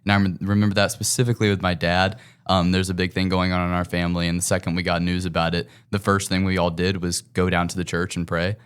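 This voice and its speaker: Teen male guest, smooth low voice, earnest, articulate, easy laugh. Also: flat delivery, fast, hardly any pauses. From Tennessee. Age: teens. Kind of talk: casual interview chat.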